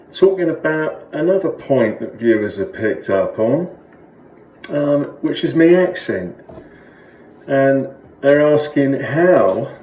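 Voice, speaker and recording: A man's voice: medium pitch, warm tone, reverberant, slight background noise, voice pushed up, poor audio. A man doing a chatty Cockney carp. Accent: Cockney East London. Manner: rambling, matey storyteller. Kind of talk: comic monologue to camera.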